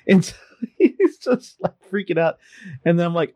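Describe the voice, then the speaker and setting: A man spins a casual anecdote for friends, laughing as he goes and slipping into quick voices for the people in his tale. His voice sits at a middle pitch and sounds close and dry, with no room around it. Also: no echo. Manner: animated, laughs often, acts out voices in his stories. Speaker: participant sharing a story. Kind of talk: casual storytelling among friends.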